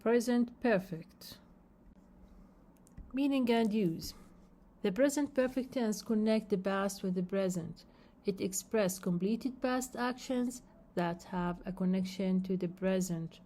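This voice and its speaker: A woman's voice: mid-range voice, slow pace, dark tone. A woman teaching English grammar, spelling out word endings letter by letter and repeating key phrases, with some non-native phrasing. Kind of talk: slow explanation of grammar rules.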